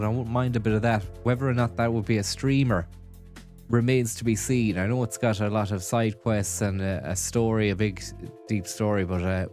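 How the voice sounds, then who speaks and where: A man's voice: fairly low pitch, a little mellow. A man streaming a game on a headset mic, chatting casually, rambling and thanking viewers. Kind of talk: casual gaming commentary.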